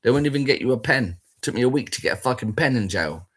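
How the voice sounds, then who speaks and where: Brief: man, husky voice, blunt and foul-mouthed, rambling and repetitive. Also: mid-range voice, lively intonation, fast, a bit bright. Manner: sweary, blunt and rambling, repeats himself. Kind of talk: casual spoken rant.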